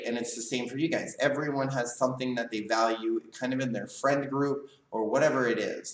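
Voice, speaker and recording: A man leads a live leadership class for karate students, explaining ideas in a casual coaching manner and checking in with "right?" as he goes. His voice sits at an ordinary middle pitch. He stands a little back from the mic in an echoey room. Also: recorded from a distance. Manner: casual coaching tone, asks "right?" often, varies volume. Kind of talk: live online class lecture.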